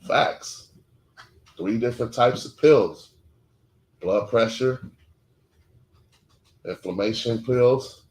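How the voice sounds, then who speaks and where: A man's voice: mid-range voice, slow pace, long pauses, darkish tone. A man on a podcast telling a personal story in a blunt, profane, emotional way, using short clipped sentences. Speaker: podcast co-host. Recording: echoey room.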